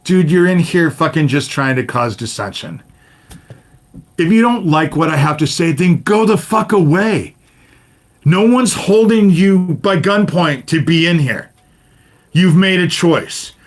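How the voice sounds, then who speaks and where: A man in his fifties delivers a profane livestream rant, speaking directly to the people in his chat. His voice sits a little high for a man. He peppers his sentences with swearing and a habitual "you know?". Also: expressive, a little slow. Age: 50s. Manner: swears constantly, addresses viewers directly, repeats "you know?". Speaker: livestream host.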